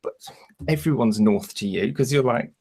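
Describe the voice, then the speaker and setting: A man with a Northern English accent, a podcast co-host telling a travel story in a thoughtful, measured way. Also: mid-range voice, darkish tone, breathy edge. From United Kingdom. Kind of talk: casual chat.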